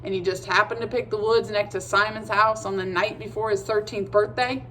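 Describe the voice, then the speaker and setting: A woman's voice: mid-range voice, fairly even intonation, a little fast, bright, forceful tone, a little hiss or hum, lightly acted. A woman voicing a know-it-all boy of about thirteen who lectures his friends in exasperation. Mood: lecturing.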